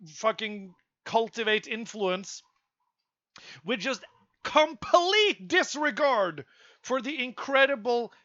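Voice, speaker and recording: A young man with a high, bright, sharp voice rants profanely to his stream chat, bursting out loud now and then. The sound is dry and close, with a dull, lo-fi quality. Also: no room sound. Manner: exasperated, profane ranting with sudden loud outbursts.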